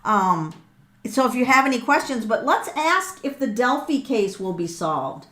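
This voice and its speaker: A middle-aged woman hosting a live tarot reading, excitable and thinking aloud with frequent ums and repeated words. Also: fairly high pitch, unhurried. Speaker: tarot reader and livestream host.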